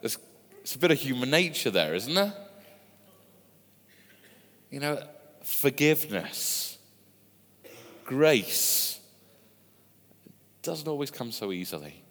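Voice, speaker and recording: A man's voice: mid-range voice, big pitch swings, takes it slowly, long pauses, fairly bright tone. A man preaching a sermon, telling stories in a conversational way with asides to his listeners. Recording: long hall reverb.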